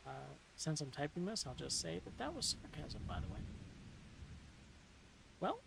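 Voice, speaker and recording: A woman reading a novel aloud in a soft-spoken ASMR style, slipping into whispers now and then, with dry, deadpan humor. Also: sits low, normal speed, creaky, noisy background. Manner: soft, dips into whispers at times.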